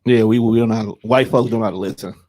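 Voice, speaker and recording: A man co-hosting a podcast, chatting loosely with friends, slangy and joking, laughing often, and high. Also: steady tone, racing, dark tone. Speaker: podcast co-host. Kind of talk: casual group chat.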